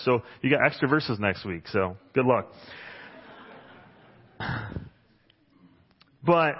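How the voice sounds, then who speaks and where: A man preaching a sermon in a church hall, conversational and joking, reading Bible passages aloud. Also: a little high. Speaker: pastor. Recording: muffled sound with long hall reverb.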